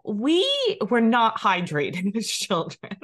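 A woman's voice: mid-range voice, sing-song, takes it slowly, a bit bright. A woman co-hosting a podcast, chatting casually and encouragingly, laughing along. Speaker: podcast co-host. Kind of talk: casual chat.

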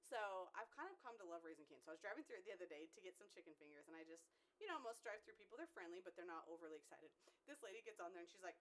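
Fast-talking bubbly woman. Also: fairly low pitch. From Utah. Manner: bubbly, animated storyteller. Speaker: local news reporter. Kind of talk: casual chat.

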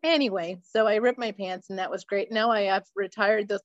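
A woman's voice: mid-range voice, fairly even intonation, a little fast, few pauses, no room sound, dull audio. A woman co-hosting a casual podcast chat, telling a story with lots of swearing and laughter. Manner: profane, storytelling, laughs often. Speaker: podcast co-host.

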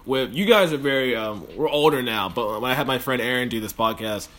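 A man's voice: mid-range voice, fairly quick, fairly bright tone. A young man hosting a podcast, chatting crudely and joking, swearing freely. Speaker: podcast host. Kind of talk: casual crude chat.

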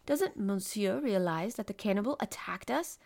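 A woman voicing an excitable, loyal male manservant who exclaims loudly in a raised voice in a storybook reading. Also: medium pitch, normal speed, gravelly. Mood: alarmed.

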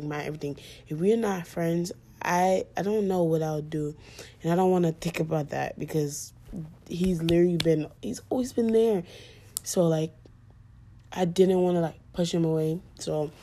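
A young woman talks through a story on her podcast in loose, casual chat packed with fillers. Her voice sits slightly low and sounds soft and mellow. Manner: chatty, full of fillers. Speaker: podcast host.

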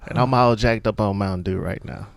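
A man's voice: fairly low pitch, brisk, vocal fry, dry recording, clean studio sound. A man talking casually about a movie he loves, laughing often and acting out favorite lines. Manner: animated, laughs often, acts out quotes. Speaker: guest.

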